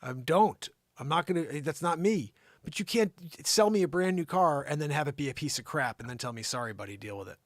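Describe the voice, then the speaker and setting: A man's voice: fairly high pitch, a little fast. A man hosting his own live show, ranting indignantly and acting out his exchanges with others. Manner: indignant, animated, quotes others in exasperated retellings. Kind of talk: unscripted ranting monologue.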